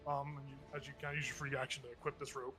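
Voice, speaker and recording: A man's voice: medium pitch, little pitch movement, racing, bright, forceful tone, faint music behind. A man running a tabletop game as game master, talking loosely and thinking aloud over the rules.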